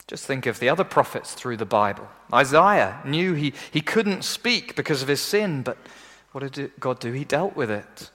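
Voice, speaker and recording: A man preaching a sermon, animated, often acting out the people he quotes in a lifted voice. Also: normal speed. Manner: animated, acts out quoted voices in a raised pitch. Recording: long hall reverb.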